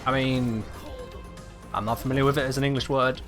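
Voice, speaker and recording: This gamer's mid-range voice stays level and moves fairly quickly as he chats on his live stream. He keeps musing aloud and quizzing viewers about how to say a name, with game music playing loudly behind him.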